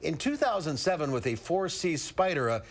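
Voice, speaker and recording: Animated male TV car reporter. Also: fairly high pitch, moderate pace. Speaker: TV news auto reporter. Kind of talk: scripted news feature narration.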